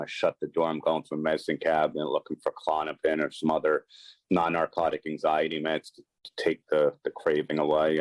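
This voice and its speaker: Man with a super low voice telling his story on a podcast, earnest and emphatic, dry close sound. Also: no echo, poor audio. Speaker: podcast guest, sports and celebrity agent. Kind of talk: personal recovery story told in conversation.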